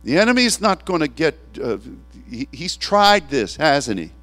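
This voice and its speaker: A man preaching a sermon as a pastor, animated and tearful, laughing at times and acting out the voices he quotes. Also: fairly high pitch, unhurried, soft background music.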